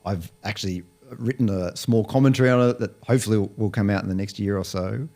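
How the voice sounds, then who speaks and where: A man's voice: on the low side, fast talker, darkish tone. A man speaking as an interview guest, explaining his views in a thoughtful way with frequent restarts. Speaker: Bible college lecturer, guest. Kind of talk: conversational interview.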